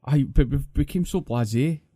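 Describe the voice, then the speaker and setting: A man's voice: medium pitch, normal speed, warm tone. A Scottish man co-hosting a podcast, telling long profane stories in a ranting manner. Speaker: podcast co-host. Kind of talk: casual chat, long sweary anecdotes.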